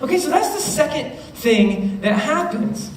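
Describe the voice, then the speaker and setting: High-voiced man, lively youth speaker. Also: a little slow. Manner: animated, acts out students' voices, keeps checking in with the listeners. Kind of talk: youth talk to middle schoolers. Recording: roomy, distant mic with faint noise.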